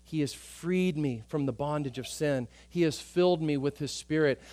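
Male pastor, high voice, emphatic sermon delivery that drops to quiet passages. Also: moderate pace, few pauses, dry recording, clean studio sound. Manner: emphatic, swings between loud urgent passages and quiet soft ones.

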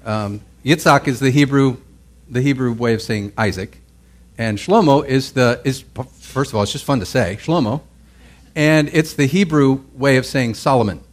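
A pastor speaks to his Bible class at a normal pace in a mid-range voice. His sermon sounds like conversation, and he keeps checking in with listeners and starting phrases over.

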